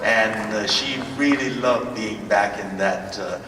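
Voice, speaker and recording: An older man telling stories as a convention panel guest, halting with many fillers and restarts, recorded from far off in a large hall. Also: on the low side, noisy background. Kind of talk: anecdotal storytelling. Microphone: far from the recording camera.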